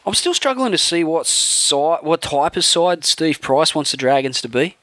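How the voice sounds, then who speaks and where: A man's voice: on the high side, sing-song, normal speed, fairly bright tone, no echo. Blunt, sarcastic male co-host. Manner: blunt, profane, sarcastic banter. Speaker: podcast co-host. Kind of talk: casual sports podcast chat.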